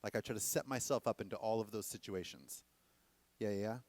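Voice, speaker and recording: A man teaching a dance workshop to a class, animated and often checking that the students are following. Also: on the low side, fairly quick, no room sound. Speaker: dance instructor.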